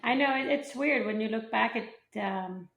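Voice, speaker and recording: A woman's voice: on the high side, moderate pace, vocal fry, lo-fi sound, a little hiss or hum. A woman from Sweden, answering interview questions modestly and with hesitant fillers. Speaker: guest, professional golfer. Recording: echoey room.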